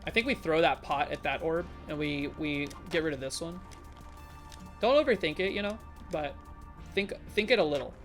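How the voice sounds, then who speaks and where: A woman's voice: low voice, normal speed, faint music behind. A woman streamer giving casual live commentary on a game, chatty and talking to her viewers, with sudden startled exclamations. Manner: chatty, talks to chat, jumpy exclamations.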